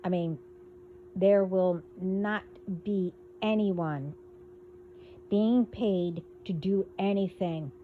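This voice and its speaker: A woman hosting a casual spiritual monologue, talking in a rambling, halting way as she delivers warnings. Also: medium pitch, narrow, tinny audio, a little hiss or hum. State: hiccups. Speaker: spiritual video host.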